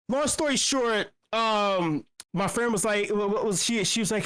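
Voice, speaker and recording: A man's voice: unhurried, few pauses, clean tone. A man telling a rambling bar story in a casual chat, swearing often, stumbling over restarts and acting out what people said. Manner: animated, profane, many restarts and fillers; acts out quoted speech with big pitch jumps. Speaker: meetup regular telling a story.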